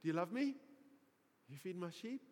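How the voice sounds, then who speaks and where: A man doing a gentle, patient teacher. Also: high-pitched, animated, normal speed. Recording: reverberant hall.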